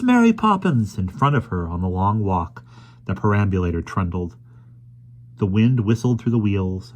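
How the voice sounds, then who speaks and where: A man reading a children's book aloud in an expressive storytelling manner. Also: low-pitched. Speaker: audiobook reader.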